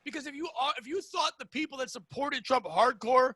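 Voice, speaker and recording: A man co-hosting a comedy podcast, ranting loudly and crudely, swearing often. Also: very high-pitched, a little fast, dry recording. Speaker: podcast co-host. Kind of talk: casual comedic podcast banter.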